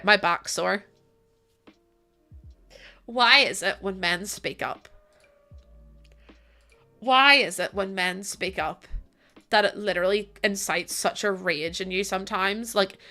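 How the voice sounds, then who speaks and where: A woman's voice: medium pitch, pushed and bright. A woman streamer chatting casually with her live chat while gaming, bubbly and giggly, rambling from one thought to the next.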